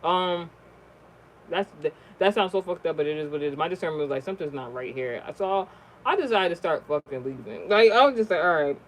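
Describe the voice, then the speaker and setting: This vlogger relays a personal story in an expressive, rambling, profane way, fairly quick, full of fillers and restarted sentences, the voice leaping high and loud at the shocking parts. The audio is poor, with slight background noise.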